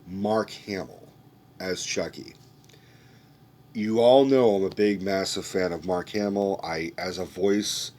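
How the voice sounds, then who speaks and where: Brief: young man, low deep voice, loose and swearing, rambling movie-review rant, faint background noise. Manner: rambling, profane, restarting sentences.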